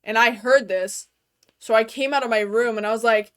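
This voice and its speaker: A woman's voice: a little high, moderate pace, a bit bright. Casual, profane young woman streamer. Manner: loose and profane, full of "like" fillers. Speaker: gaming streamer. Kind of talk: casual chat while streaming a game. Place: her bedroom.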